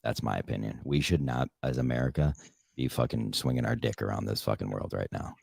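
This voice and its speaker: A man's voice: very deep voice, fairly quick, creaky, a little mellow, slightly rough, no room sound, studio quality. A man in a heated casual debate, blunt and dismissive, swearing often. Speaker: podcast co-host.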